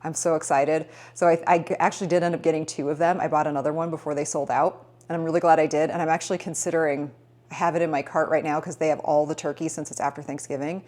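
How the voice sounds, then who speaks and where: A woman's voice: sits low, little pitch movement, fast, a little mellow. A woman in her thirties chatting casually in a fitness vlog, rambling and upbeat. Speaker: fitness vlogger.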